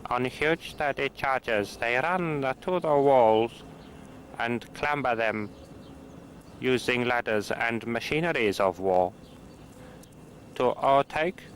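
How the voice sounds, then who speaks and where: A man hamming up a pompous mock-medieval storyteller who drags every phrase out slowly and grandly. The voice sits at an ordinary middle pitch, recorded outdoors with faint noise around it. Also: fairly bright tone, rough recording. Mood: mock grandeur. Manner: slow, pompous declaiming. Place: outdoors in an old walled town.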